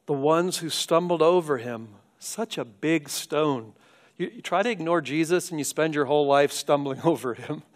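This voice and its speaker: A man preaching a sermon as pastor, moving between hushed, quiet passages and loud, urgent appeals. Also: a little high. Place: church sanctuary.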